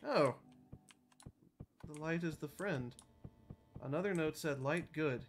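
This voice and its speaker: Streaming a game with live commentary, a woman is jumpy and nervous, talking to herself and her chat, swearing often, her loudness wavering. She speaks slowly in a low voice, with a little hiss or hum present.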